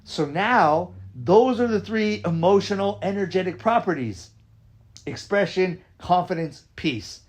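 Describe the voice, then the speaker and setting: A man's voice: sits high, a little slow. Emphatic man coaching in casual talk. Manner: energetic, emphatic, repeats "right?"; swears casually. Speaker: podcast host and dance coach. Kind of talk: casual conversation.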